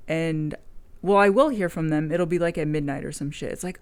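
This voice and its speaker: A woman's voice: lowish voice, animated, a little fast, a little mellow. A woman video blogger in casual chat, telling a rambling story frankly and swearing freely.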